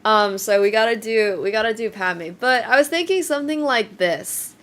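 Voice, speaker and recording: A woman's voice: fairly high pitch, normal speed, fairly bright tone. Congested woman chatting on a live stream. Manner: chatty, rambling, thanks viewers. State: congested, voice shaking. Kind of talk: casual live-stream chat.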